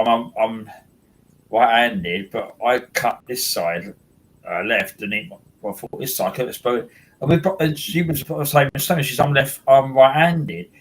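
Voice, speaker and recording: A man's voice: mid-range voice, rough recording. A man, hosting a casual chat and rambling with many restarts and repeated words. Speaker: host.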